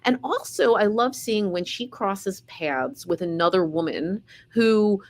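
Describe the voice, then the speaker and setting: A woman's voice: mid-range voice, expressive, unhurried. A middle-aged woman, an author being interviewed, speaking in an earnest, reflective way. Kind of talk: casual conversational interview.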